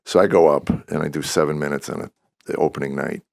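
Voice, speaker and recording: A man in his sixties, a comedian, telling lively stories in a podcast interview and acting out what people said. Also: extremely low pitch, fast, gravelly, no room sound, clean studio sound. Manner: animated storyteller who acts out quoted dialogue. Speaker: comedian guest.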